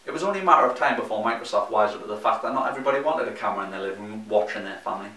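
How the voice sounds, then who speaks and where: Fast-talking Geordie man reading gaming news. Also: fairly low pitch, music in the background. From North East England. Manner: dry, teasing banter. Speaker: co-host of a gaming news show. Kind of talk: scripted comedic news reading. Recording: roomy echo, mic at a distance.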